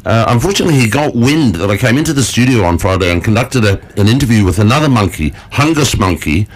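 A rambling male radio presenter chatting in a studio. His voice sits low but moves up and down a lot, and he laughs often as he talks. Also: animated, quick pace. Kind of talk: casual morning radio chat.

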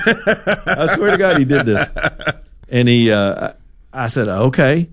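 A middle-aged man, hosting a talk radio show and telling stories in a casual, animated way. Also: medium pitch, normal speed. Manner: animated storyteller, acts out quotes. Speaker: radio host.

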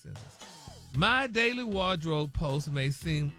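A man on morning radio with a high, wildly swooping voice, playing a word-of-the-day bit for laughs. He hams it up and cracks himself up in a radio studio. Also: slow pace, faint music behind. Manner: animated, hamming it up, laughing. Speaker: morning radio show co-host.

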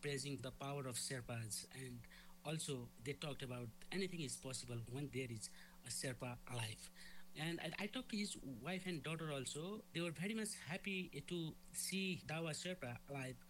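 Male field reporter, halting delivery, faint hum behind. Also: on the high side, fairly bright tone, rough recording. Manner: hesitant, many fillers. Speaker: correspondent. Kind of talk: news report.

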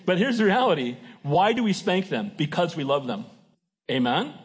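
A man's voice: fairly high pitch, sing-song, moderate pace, slightly rough. A middle-aged man preaching a sermon in a conversational way, often checking in with his congregation. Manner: conversational preaching with frequent "Amen?" call-outs. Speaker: pastor.

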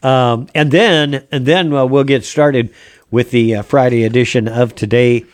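A man hosting a radio show, chatting casually in a rambling, halting way with many restarts. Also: medium pitch, steady tone, dry recording. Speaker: radio host.

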